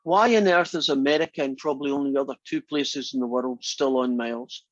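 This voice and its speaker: A male math instructor delivers a classroom lecture in a chatty, teasing style, often quizzing his students. His mid-range voice moves a little fast with no echo, and the recording has a dull lo-fi quality.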